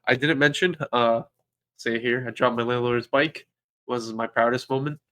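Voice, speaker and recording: A young man co-hosting a casual podcast, telling a story with lively acted-out quotes. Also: mid-range voice, normal speed. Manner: animated storyteller, acts out quotes. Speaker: podcast co-host. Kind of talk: casual chat.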